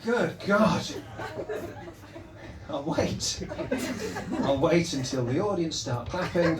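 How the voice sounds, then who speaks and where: A man's voice: on the high side, expressive, slow pace, pauses often. A man doing stand-up crowd work, teasing the audience with rambling, stammering restarts in a live comedy club. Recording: echoey club, mic at a distance, loud noise.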